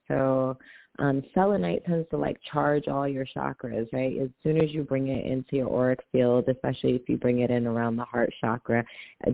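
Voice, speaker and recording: A woman's voice: extremely low pitch, vocal fry, no echo. A woman guest talking about crystals and energy, eager and full of fillers. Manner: enthusiastic, filler-heavy, laughs often. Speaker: guest, aura photographer. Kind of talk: casual interview chat. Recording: tinny phone-like line.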